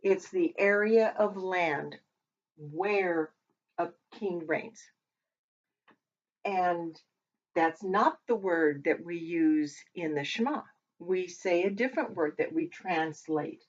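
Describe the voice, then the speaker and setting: A woman teaching a language lesson who talks while she writes, pausing and correcting herself as she goes. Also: fairly low pitch. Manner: talks while writing, with pauses and self-corrections. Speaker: Hebrew teacher. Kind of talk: slow, patient lesson at a whiteboard. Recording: dull lo-fi recording.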